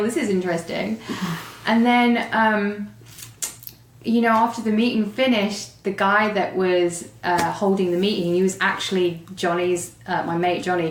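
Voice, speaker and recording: A young English woman telling her recovery story as a guest, animated, with fillers and laughs. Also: medium pitch, slight background noise. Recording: roomy echo.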